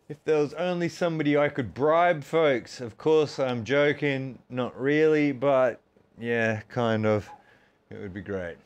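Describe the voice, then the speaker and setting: This Australian fitness streamer in his forties has a smooth, mid-range voice. Doing push-ups, he chats casually with his viewers, counting reps between self-mocking jokes and repeatedly calling them "folks."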